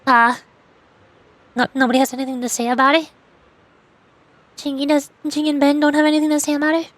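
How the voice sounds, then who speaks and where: A woman's voice: high voice, level tone, brisk, no room sound. A young woman streaming a game, chatting playfully and reading dialogue aloud, often musing in confused asides. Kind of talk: casual gameplay commentary and reading aloud.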